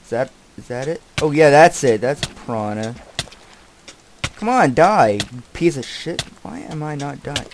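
A young man giving casual, distracted commentary while he plays a game. He swears often and keeps yelling at the animals and characters on screen. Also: medium pitch, animated, unhurried, a little hiss or hum. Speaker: gameplay commentator.

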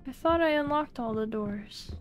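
A woman's voice: high voice, moderate pace, faint music behind. A young woman streaming a horror game, chatting playfully and breaking into mock-dramatic outbursts.

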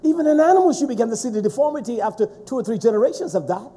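A man preaching a sermon in a fervent, emphatic way, with sudden shouted stresses. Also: very high-pitched, expressive, very fast, slightly rough.

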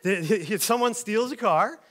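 A middle-aged man preaching a sermon, telling stories in an animated way and acting out other people's voices. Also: sits high, takes it slowly. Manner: animated storytelling, acts out voices in shouts. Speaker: pastor.

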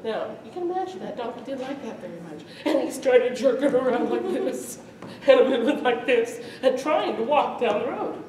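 A woman storyteller telling a folk tale to a live audience, lively and often laughing as she acts it out, in a festival hall. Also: fairly high pitch, normal speed. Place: event hall at a medieval arts festival. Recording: echoey hall from far off.

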